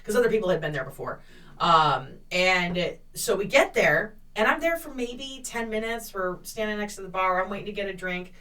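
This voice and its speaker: A woman with a bright, forceful voice tells a story in loose podcast chat, cursing often and jumping into the voices of the people in it. She sounds a little distant from the mic. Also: medium pitch, moderate pace. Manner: profane, animated storytelling with acted-out quotes. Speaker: podcast co-host.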